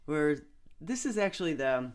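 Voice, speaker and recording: A woman guest singer-songwriter casually introducing a song over a video call, speaking haltingly with many pauses. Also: deep voice, sing-song, a little mellow. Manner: halting, with many fillers and restarts.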